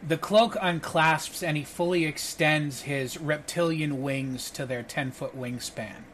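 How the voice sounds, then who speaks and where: A man's voice: a little high, unhurried, slight background noise. Game master man narrating with many fillers. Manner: relaxed narration with frequent fillers.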